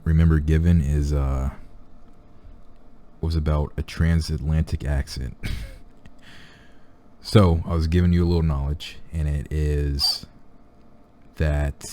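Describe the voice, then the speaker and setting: Brief: young male reaction host, very low dark voice, rambling loose chat. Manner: rambling, full of fillers and restarts. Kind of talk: casual chat.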